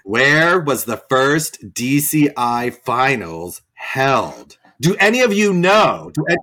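A man hosting a casual podcast chat, quick and playful, laughing often as he runs a quiz. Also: mid-range voice, very animated, sharp tone, slight background noise. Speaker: podcast host running a quiz.

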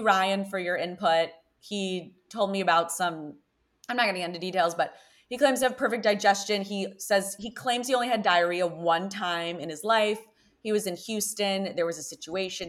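Young woman podcast host, lower voice, lively chatty storyteller. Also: normal speed. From Connecticut, USA. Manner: chatty, animated storytelling with frequent "like". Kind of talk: casual chat.

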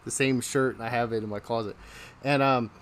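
A man hosting a relaxed podcast, telling stories in a casual way. He laughs often and acts out the people in his stories, and his pitch sits in a middle range. A faint hiss sits behind his voice. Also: a little fast. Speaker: podcast host. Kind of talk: casual storytelling.

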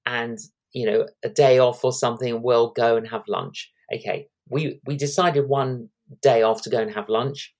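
A man in his sixties, an evangelist, telling lively anecdotes as a guest in an interview, acting out the quotes. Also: mid-range voice, normal speed. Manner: animated anecdotes with acted-out quotes.

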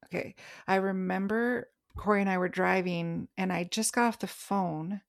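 A woman co-hosting a podcast in casual chat, telling stories animatedly and slowing down to stress key words. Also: mid-range voice, creaky. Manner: animated storytelling, slows down for emphasis. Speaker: podcast co-host.

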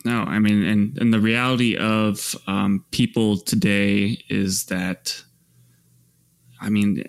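A man with a gravelly, lowish voice co-hosts a podcast. He talks casually but haltingly, searching for words and restarting as he goes. He speaks with a rough, creaky edge. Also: flat delivery. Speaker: podcast co-host. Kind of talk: casual chat.

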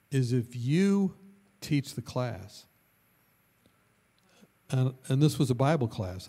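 A male pastor telling a story in a sermon, animated and lively, with bursts of loudness and laughter. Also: mid-range voice.

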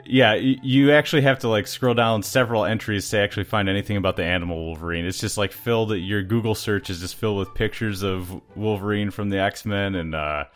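Very low-voiced man, casual podcast co-host. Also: a little fast, few pauses, faint music behind. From Canada. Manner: rambling, with many uhs and little laughs. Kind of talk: casual chat.

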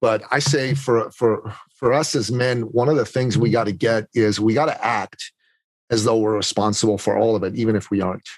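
A man's voice: fairly low pitch, fairly even intonation, moderate pace, no room sound. A middle-aged man, a podcast guest, telling a personal story in an earnest, confessional way, often repeating words as he gathers his thoughts.

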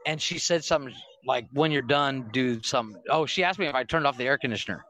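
A man's voice: medium pitch, quick pace, sharp tone, dry recording. A man co-hosting a podcast, telling profane stories in casual chat and laughing often. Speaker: podcast co-host. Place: home recording room.

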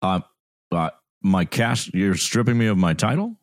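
A man's voice: low-pitched, expressive, moderate pace, dry recording, clean studio sound. A man improvising a sheepish male stage actor, hesitant and stammering with many uhs. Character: sheepish middle-aged male Broadway actor. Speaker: improv comedy podcast performer. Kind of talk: improvised comedy sketch.

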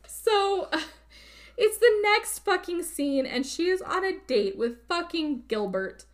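A woman on a podcast casually recapping a movie, animated and swearing freely. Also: very high-pitched, slow. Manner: animated, profane storyteller. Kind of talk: casual chat.

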